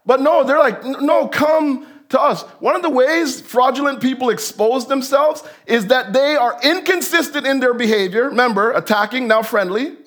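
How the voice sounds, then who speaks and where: Male pastor, high-pitched, conversational sermon delivery that slips into the voices of the people he quotes. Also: normal speed, few pauses, a bit bright. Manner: conversational preaching that acts out the voices in the text.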